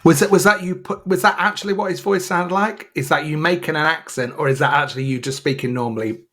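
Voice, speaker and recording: A man in his thirties co-hosting a podcast in casual chat, playful and animated, slipping into silly voices for laughs. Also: fairly high pitch, fast talker. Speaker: podcast co-host.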